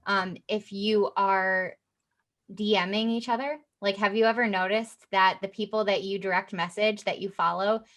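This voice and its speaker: A woman guest explaining her work in an interview, in a steady, patient way with frequent fillers. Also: medium pitch, moderate pace. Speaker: guest, personal brand specialist.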